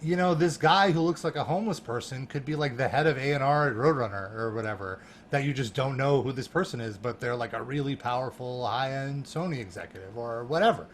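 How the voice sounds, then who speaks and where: A man guesting on a podcast, telling an animated story with laughter and lots of "like" fillers. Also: mid-range voice, fairly quick, hardly any pauses, a little hiss or hum. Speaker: guest, music journalist.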